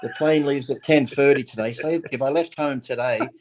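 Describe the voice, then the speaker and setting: A man's voice: mid-range voice, brisk, a little mellow, slight background noise. Rambling Australian man in his fifties. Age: 50s. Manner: rambling, swears, laughs through anecdotes. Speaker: bodybuilder guest on a talk show. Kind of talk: casual storytelling.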